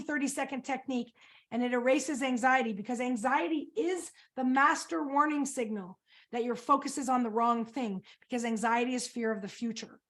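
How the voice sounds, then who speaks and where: A high-pitched, lively woman coaching through a webinar. She talks with energy and keeps throwing questions at her listeners to pull them in. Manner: energetic, quizzes the audience with questions. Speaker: coach and presenter. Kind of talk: webinar presentation.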